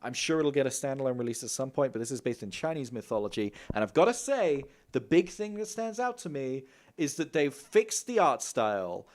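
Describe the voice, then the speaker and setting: A young man hosting a gaming news livestream, talking quickly and casually, swearing and laughing often. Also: medium pitch, very animated, a little mellow. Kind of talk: casual live-stream chat.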